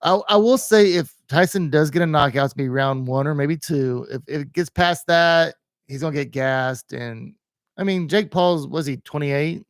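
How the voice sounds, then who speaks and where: A man hosting a casual sports podcast, animated and quick to laugh. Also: on the high side, no echo, clean studio sound. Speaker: podcast host.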